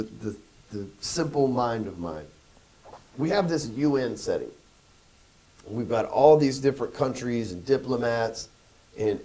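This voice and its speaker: A man co-hosting a podcast in casual, profane chat, animated and acting out voices. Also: medium pitch, poor audio. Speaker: podcast co-host.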